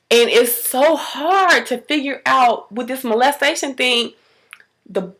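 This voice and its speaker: A mother in a casual vlog, telling an emotional story in slangy, animated speech and acting out quotes in a higher voice. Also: unhurried, slight background noise, low-quality recording. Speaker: mother vlogging about parenting.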